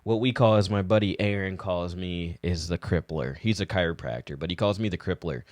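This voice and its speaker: A man with a very deep voice talks in easygoing chat, explaining things earnestly and restarting a sentence now and then. The recording is dry with no room sound. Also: fairly quick, a little mellow, no room sound. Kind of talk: casual chat.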